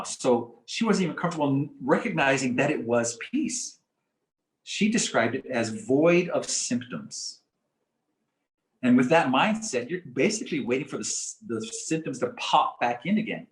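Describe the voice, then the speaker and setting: A man gives a community teaching talk in a calm, measured, explanatory way and often repeats key phrases. His voice sits at an ordinary middle pitch. The recording carries a roomy echo. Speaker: presenter on coping with stress.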